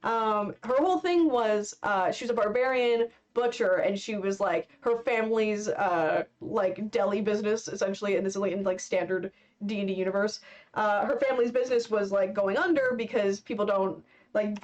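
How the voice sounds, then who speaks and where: A woman's voice: medium pitch, moderate pace. A young woman chatting casually while she draws on a live stream, rambling and filling gaps with "like" and "um". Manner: rambling, heavy on fillers. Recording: dull lo-fi stream mic.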